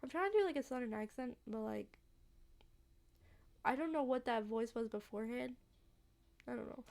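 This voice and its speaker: A woman playing through a story game, stopping to poke fun at her own reading. Her voice sits high with a gravelly fry underneath. The asides come out giggly and unguarded. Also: lively intonation, moderate pace, long pauses, a little mellow. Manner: self-mocking, giggly asides. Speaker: gaming channel host. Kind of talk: let's play commentary.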